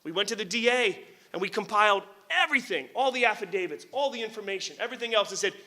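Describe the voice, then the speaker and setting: A middle-aged man from New Jersey, a lawyer telling a story to a lecture audience. His voice sits high for a man and has a sharp, very bright tone. He talks in an animated, candid way, swears casually and chuckles at his own lines. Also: fast. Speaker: lawyer and author giving a book talk.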